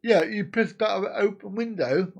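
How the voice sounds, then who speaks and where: A man's voice: sits high, normal speed, vocal fry, lo-fi sound. A man in his fifties from the UK, hosting a casual live stream and bantering crudely with his viewers. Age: 50s.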